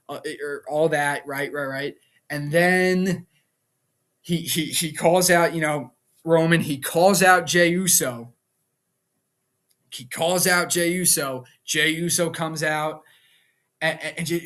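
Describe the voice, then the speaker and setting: A young man casually recapping a wrestling show, rambling and repeating words, jumping up in pitch when he acts out quotes. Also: fairly even intonation, measured pace, a bit bright. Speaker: wrestling reaction vlogger.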